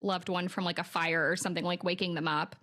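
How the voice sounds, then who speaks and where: A woman's voice: on the low side, level tone, quick pace, pushed and bright. A woman hosting a podcast in casual chat, telling a story with many fillers and easy laughter. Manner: chatty, many fillers, giggly.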